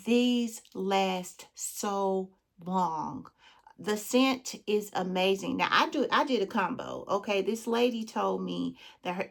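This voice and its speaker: A woman's voice: mid-range voice, creaky, a bit bright. A woman with a Southern US accent, chatting casually with her viewers as a beauty vlogger and calling them friend and girl. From Southern United States. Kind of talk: casual chat.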